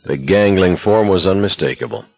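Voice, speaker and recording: A man giving scripted audiobook narration in a measured, somber storytelling manner. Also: low voice, lively intonation, dry recording, dull audio, soft background music.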